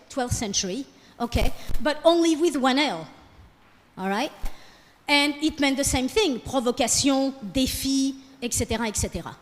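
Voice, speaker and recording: Female lecturer, high voice, lively, long hall reverb. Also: normal speed. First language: French. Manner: lively, keeps asking "okay?". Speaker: guest lecturer. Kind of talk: classroom lecture.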